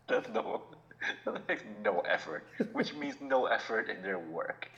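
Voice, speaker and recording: A man's voice: medium pitch, sing-song, slow pace, fairly bright tone. A man co-hosting a podcast, chatting casually and laughing often as he jokes along. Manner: laughs often, chuckling banter. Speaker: podcast co-host. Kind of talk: casual chat. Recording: dull lo-fi sound.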